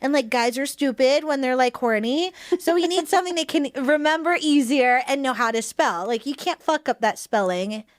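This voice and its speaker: A woman in her thirties chatting as a guest in an interview, animated and quick to laugh, acting out what other people say. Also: sits high. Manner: animated, giggly, mimics others in quotes. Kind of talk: casual interview chat.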